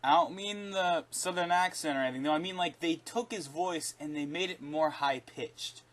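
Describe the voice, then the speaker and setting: A man with a slightly raised voice talks through a casual video review. He is animated and opinionated, and he often stops to correct himself before carrying on. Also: a little high, moderate pace. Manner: rambling, with frequent restarts and self-corrections; animated and opinionated, laughing between points.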